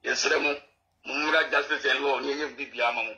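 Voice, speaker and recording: Male caller, rambling in broken English, piercing bright tone, roomy echo. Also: mid-range voice, fairly even intonation, brisk. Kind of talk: phone-in conversation.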